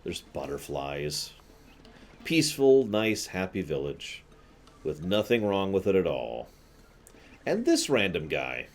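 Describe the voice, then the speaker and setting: Deep-voiced chatty game streamer man. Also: huge pitch swings, slow pace, long pauses. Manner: chatty, offhand asides. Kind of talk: casual game commentary.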